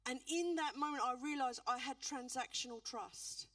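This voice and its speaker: High-voiced woman preaching from afar. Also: moderate pace, a bit bright, dry recording, distant mic. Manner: earnest storytelling that swells into fervent preaching. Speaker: pastor. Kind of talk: testimony sermon. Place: church.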